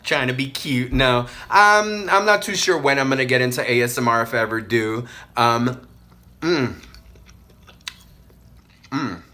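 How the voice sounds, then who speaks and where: A young adult man from Puerto Rico chatting casually while eating on camera, loud and playful with frequent hums of enjoyment. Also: medium pitch, a little slow, long pauses. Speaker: mukbang vlogger.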